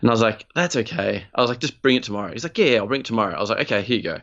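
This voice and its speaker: A young Australian man co-hosting a podcast, telling a story in animated, sweary casual chat and acting out the quotes. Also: fairly low pitch, very fast, muffled recording. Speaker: podcast co-host.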